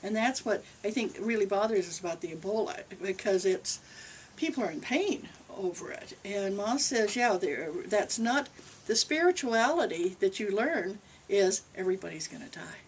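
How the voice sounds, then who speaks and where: A woman's voice: medium pitch, animated, normal speed. An older woman, a reverend, answering questions from a small group in a loose, rambling way and relaying what a spirit says. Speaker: channeling reverend. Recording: distant mic with faint noise.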